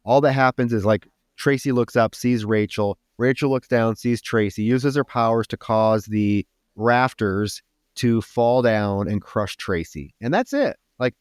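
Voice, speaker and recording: This man's voice sits in the mid range and moves unhurriedly and smoothly. Co-hosting a podcast, he gives an animated, profane retelling of a film's climax in casual talk, captured in clean studio sound with no room noise.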